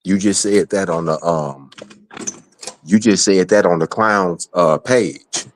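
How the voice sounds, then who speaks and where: A man on a livestream trades insults in a taunting call-out. He speaks in a low voice at an unhurried, drawn-out pace. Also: no echo.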